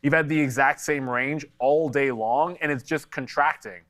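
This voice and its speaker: A man's voice: medium pitch, moderate pace, a bit bright. A man co-hosting a live stock market show, giving blunt, conversational trading commentary and answering chat questions, a little congested from allergies.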